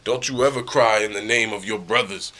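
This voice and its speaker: A man's voice: on the low side, a little fast. Man doing a harsh barking clan father. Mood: stern. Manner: loud barking orders. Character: stern shouting clan father, harsh and strict. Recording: echoey room, from the mic.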